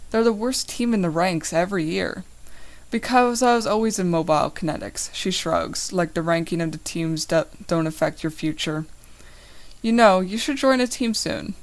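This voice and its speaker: A young woman reading the first chapter of her own novel aloud, narrating in first person and lifting her voice slightly for the dialogue. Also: on the low side. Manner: reads all characters in her own voice, small lifts for dialogue.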